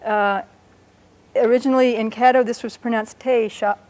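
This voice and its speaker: A woman teaching a language lesson, explaining patiently and sounding out words slowly and carefully. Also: fairly high pitch, fairly even intonation, darkish tone.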